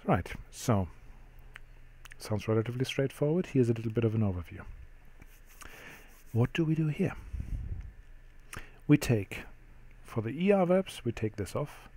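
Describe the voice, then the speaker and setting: Mellow-voiced man teaching French grammar. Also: mid-range voice, measured pace, pauses often, a little hiss or hum. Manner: explanatory, steady, with frequent ums. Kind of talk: classroom-style grammar lesson.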